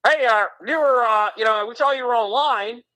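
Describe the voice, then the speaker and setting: A man playing a menacing government agent, exaggerated Australian accent, mocking interrogation, high voice. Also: moderate pace, pushed and bright. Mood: mock-threatening. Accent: put-on exaggerated Australian. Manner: mock-threatening, interrogating.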